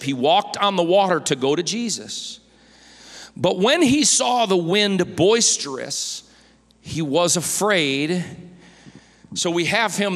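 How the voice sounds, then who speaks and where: A male pastor preaching a sermon in a church, impassioned and rising to shouted pleas. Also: on the high side, long reverb tail.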